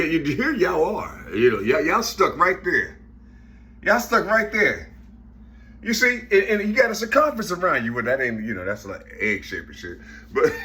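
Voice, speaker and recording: High-voiced man rambling emphatically. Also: fairly bright tone. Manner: repetitive, keeps saying "you see", profane; emphatic, raises voice at points. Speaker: vlogger. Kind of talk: rambling spoken monologue.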